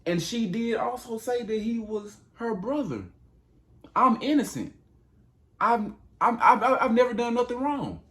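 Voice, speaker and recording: A man's voice: extremely high pitch, expressive, a little slow, pushed and bright, pitched above the performer's own voice, exaggerated voice. A man voicing an ancient king who protests his innocence and complains in slangy modern speech. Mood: pleading.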